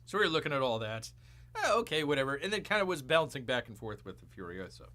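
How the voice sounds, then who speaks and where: A man's voice: mid-range voice, very animated, fast talker, fairly bright tone. A man hosting a live show, rambling through casual commentary and calling himself Bear with jokey, mock-outraged asides.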